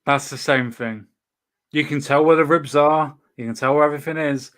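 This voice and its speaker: A man's voice: fairly high pitch, moderate pace, fairly bright tone. A man hosting a casual chat show, swearing freely and often restarting his sentences. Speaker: show host.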